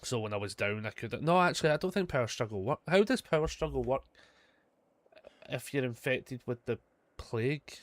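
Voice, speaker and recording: A Scottish gaming streamer chats casually during live gameplay in a mid-range, animated voice with no room sound. He swears often and is quick to joke at his own mistakes.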